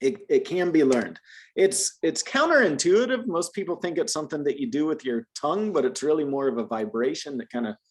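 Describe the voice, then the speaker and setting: A man from the United States giving a one-on-one Spanish lesson to a beginner. He explains patiently, backing up and restarting his sentences, and his pitch jumps up and down with lively emphasis. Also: quick pace, hardly any pauses. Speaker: Spanish teacher.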